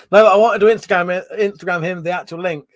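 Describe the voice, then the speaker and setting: A man's voice: high voice, steady tone, brisk, a bit bright, no echo. A man hosting a casual livestream, reading out viewer comments and swearing freely as he chats. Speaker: livestream host.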